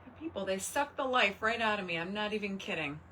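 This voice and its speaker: A woman's voice: medium pitch, animated, quick pace, sharp tone, a little hiss or hum. A woman hosting a casual crafting livestream, exasperated and talking to herself and her chat as she works.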